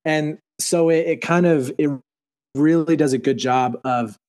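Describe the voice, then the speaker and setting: A man's voice: a little high, a little slow, a little mellow. A man from Utah chatting casually as a podcast co-host, rambling with fillers and restarts. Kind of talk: casual TV recap chat.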